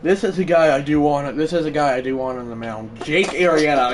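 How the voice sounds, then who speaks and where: Rambling man shouting play-by-play calls. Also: on the high side, moderate pace, hardly any pauses, recorded from a distance, a little hiss or hum, poor audio. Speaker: live game streamer. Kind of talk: live gaming stream commentary.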